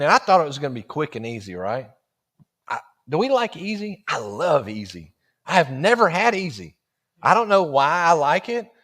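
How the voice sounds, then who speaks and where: A man's voice: a little high, fairly bright tone. A man preaching in a folksy, humorous storytelling style, laughing through his stories. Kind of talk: storytelling sermon.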